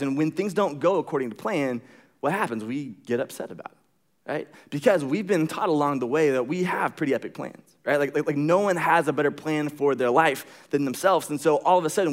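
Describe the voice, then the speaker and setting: A young adult man giving a sermon, telling a personal story in an animated way, acting out quotes and using many fillers. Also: a little high. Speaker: pastor.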